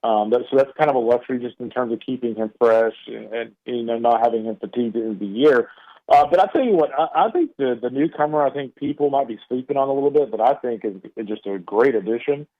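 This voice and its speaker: Speaking at a quick pace, a medium-pitched man with an East Texas drawl phones into a studio, and his mid-range voice comes through thin and tinny. As a baseball analyst on radio, he discusses his picks loosely, with heavy fillers and frequent restarts.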